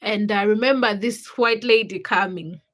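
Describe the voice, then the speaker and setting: A young adult woman hosting a livestream, telling childhood stories in a casual, animated way and greeting viewers in the chat. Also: medium pitch, moderate pace. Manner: animated storytelling, acts out quotes with laughter. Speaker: livestream host.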